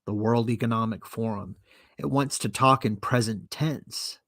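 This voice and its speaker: A man's voice: lowish voice, a little slow, a bit bright, dry recording, clean studio sound. A man hosting a podcast and ranting alone, sarcastic, profane and indignant as he reads from and mocks an article. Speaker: podcast host. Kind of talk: solo commentary rant.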